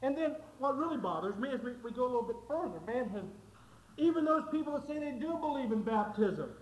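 A man preaching a sermon, telling stories with quick asides. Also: extremely high pitch, lively intonation, reverberant, poor audio.

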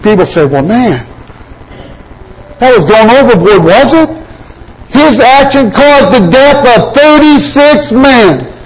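A man's voice: very high-pitched, lively intonation, slow, long pauses, low-quality recording. A man preaching a sermon, emphatic and repetitive, quoting scripture and retelling stories.

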